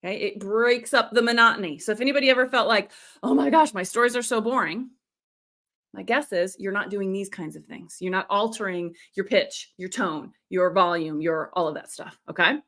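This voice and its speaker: A woman's voice: mid-range voice, a little fast, fairly bright tone. A middle-aged woman coaching storytelling on a live stream, demonstrating voices and reading out viewer comments.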